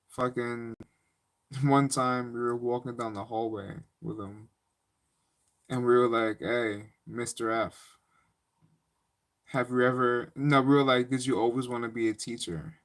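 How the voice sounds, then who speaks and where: A man's voice: medium pitch, steady tone, a little slow, pauses often. A young man on a live stream, rambling casually with slang and laughter as he tells stories.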